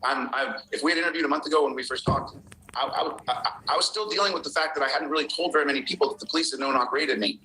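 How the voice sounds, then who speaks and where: A man's voice: mid-range voice, quick pace, sharp tone, a little hiss or hum, poor audio. A man speaking candidly and earnestly as an interviewee in a played clip. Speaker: filmmaker guest in an interview clip.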